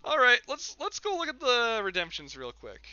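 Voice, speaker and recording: A man's voice: very high voice, wildly swooping pitch, moderate pace, sharp tone, clean tone, dull audio, soft background music. A man streaming a game and chatting casually with his chat in a rambling, jokey way, laughing often. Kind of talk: casual live-stream chat while gaming.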